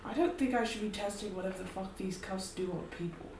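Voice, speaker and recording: A woman's voice: medium pitch, fast, noisy background, close to an everyday voice. Woman playing a playful young spellcaster. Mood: reluctant. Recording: roomy distant mic, faint ambience.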